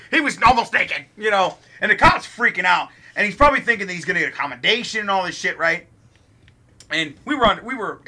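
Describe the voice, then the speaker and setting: Young guy from ohio, high sharp voice, cussing up a storm telling a story over gameplay. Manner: animated, swears constantly. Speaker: let's play co-host. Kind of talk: profane storytelling during a game.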